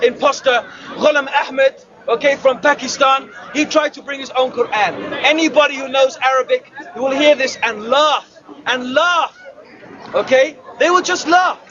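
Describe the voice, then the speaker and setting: A man giving a fervent open-air speech to a crowd, often shouting and throwing rhetorical "huh?" questions at his listeners. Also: very high voice. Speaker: street preacher. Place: outdoor public speaking spot in a city park. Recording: dull lo-fi outdoor recording with crowd.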